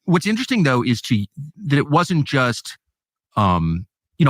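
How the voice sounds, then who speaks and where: A man in a casual podcast chat, making quick, emphatic points. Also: mid-range voice, wildly swooping pitch, fairly bright tone, dry recording.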